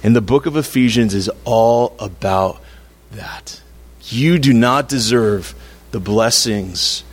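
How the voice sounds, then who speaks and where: A man's voice: mid-range voice, takes it slowly. A man preaching a sermon in a conversational, playful way, acting out little quotes to make his point. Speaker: pastor.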